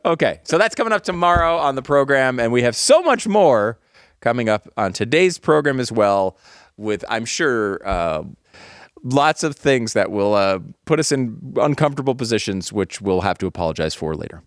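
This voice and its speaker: A man's voice: sing-song, moderate pace, no echo, clean studio sound. A man co-hosting a casual comedy talk podcast, joking around and reading a sponsor ad. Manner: bouncy, often jumps high in pitch when joking. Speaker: co-host. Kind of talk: casual comedic chat with ad read.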